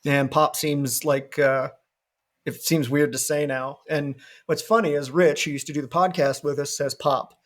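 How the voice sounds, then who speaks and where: A man hosting a podcast in casual chat, telling lively stories, swearing freely and laughing often. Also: fairly high pitch, normal speed. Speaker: podcast host.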